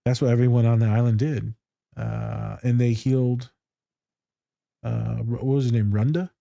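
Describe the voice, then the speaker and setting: A man's voice: mid-range voice, level tone, normal speed, gravelly, mellow, dry recording. A man who works as a therapist, co-hosting a podcast in loose, profane chat, telling stories with lots of energy, swearing freely and laughing often. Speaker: podcast co-host.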